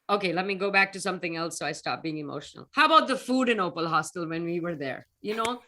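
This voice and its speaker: A woman's voice: fairly low pitch, fast, few pauses, sharp tone. A middle-aged woman from North India with an Indian English accent, answering interview questions in an earnest, reflective way that turns emotional. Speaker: guest speaker, alumna scientist.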